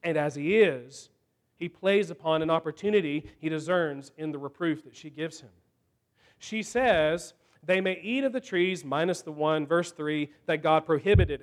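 A man preaching a sermon, slow and emphatic, with dramatic pauses between phrases. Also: high voice.

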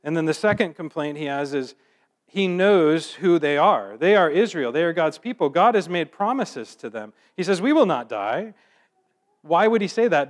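Man preaching in a conversational sermon. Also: on the high side. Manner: reads scripture slowly, then explains in relaxed conversational asides.

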